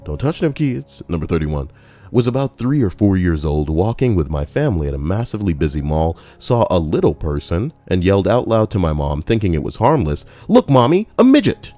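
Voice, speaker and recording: A man's voice: deep voice, big pitch swings, a little fast, warm tone. A man reading forum stories aloud with comedic commentary, crude and profane, full of jokey asides. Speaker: YouTube narrator reading forum posts.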